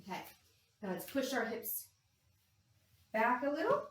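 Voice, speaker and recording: A woman leading a yoga class for young children, talking them gently and playfully through animal poses and animal sounds. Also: high voice, huge pitch swings, measured pace. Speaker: kids yoga instructor. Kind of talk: guided kids yoga class. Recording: echoey room, distant from mic.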